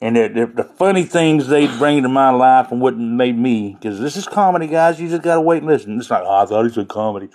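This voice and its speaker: A man's voice: mid-range voice, lively intonation, brisk, hardly any pauses, a little mellow. A man hosting a casual livestream, joking and rambling with his viewers and laughing often. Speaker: livestream host chatting with viewers.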